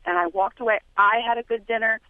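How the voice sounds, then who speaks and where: A woman's voice: on the high side, lively intonation, fast, creaky, dry recording. A woman calling in to a radio show, telling a story about herself in a candid, self-deprecating way. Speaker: caller. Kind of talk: phone-in storytelling. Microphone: telephone. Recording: tinny phone line.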